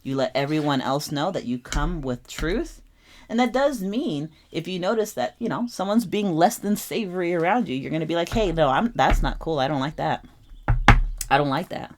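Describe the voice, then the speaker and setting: Young female tarot reader, deep-set voice, expressive and repetitive delivery. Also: normal speed, slight background noise. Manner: animated, repeats phrases for emphasis. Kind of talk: casual tarot reading monologue.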